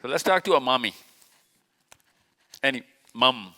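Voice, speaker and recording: At a live event in a big hall with stage lights, a man holds a relaxed, chatty talk from the stage, teasing the audience and asking people questions directly. His medium-pitched voice is expressive, bright and forceful, and he speaks in an unhurried way. The hall adds a long reverb.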